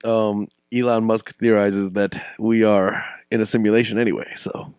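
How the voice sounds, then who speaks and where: A man's voice: on the low side, level tone, moderate pace, darkish tone, smooth, no echo. A man co-hosting a podcast in casual chat, laid-back, laughing often and tossing in dry quips. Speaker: podcast co-host.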